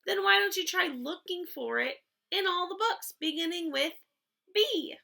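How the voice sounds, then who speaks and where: A woman's voice: very high-pitched, expressive, a little slow, gravelly, pushed and bright, pitched above the performer's own voice, heavily acted. A woman voicing a patient older brother, a young boy coaxing his little sister.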